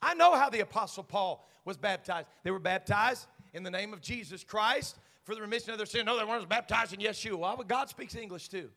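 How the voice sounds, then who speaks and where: A man, a senior pastor, preaching a Pentecostal sermon, dropping to quiet asides and then climbing to shouted proclamation. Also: high-pitched, a little fast, vocal fry, hardly any pauses, long reverb tail. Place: church sanctuary.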